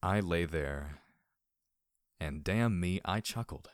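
A man reading a first-person story aloud, measured and wry. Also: low-pitched, no echo, clean studio sound. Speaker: audiobook reader.

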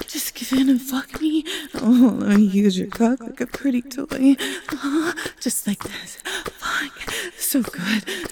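A woman in a whispered role-play, talking softly, pleading and moaning, and often dropping into breathy whispers. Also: high-pitched, slight background noise. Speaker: audio role-play performer.

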